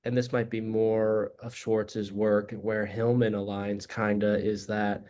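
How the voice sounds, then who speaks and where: A man being interviewed in a reflective conversation, earnest and explanatory, sometimes animated as he tells stories. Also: on the low side, takes it slowly, clear, resonant tone. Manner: animated storytelling, acts out voices in anecdotes. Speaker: guest, addiction treatment director.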